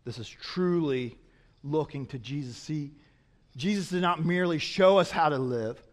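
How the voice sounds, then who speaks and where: A man preaching a sermon as a pastor, swinging from loud emphatic peaks to quiet, low asides. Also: moderate pace, big-room sound.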